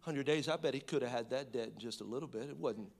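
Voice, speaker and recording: Delivering a sermon at a quick pace in a creaky voice, a man shifts from loud, emphatic outbursts to hushed, low scripture reading. Conversational asides and restarts run through his preaching.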